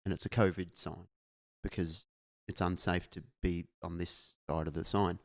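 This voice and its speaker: Aussie guy ranting on a podcast, low voice, dry close mic, swears a lot. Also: fairly even intonation, normal speed, no room sound. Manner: blunt, ranting, swears freely. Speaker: podcast co-host. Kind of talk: casual chat.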